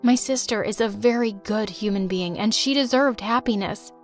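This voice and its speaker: A woman's voice: fairly high pitch, normal speed, soft background music. A woman narrating a first-person storytime in a dramatic, emotional way and voicing the other people in it.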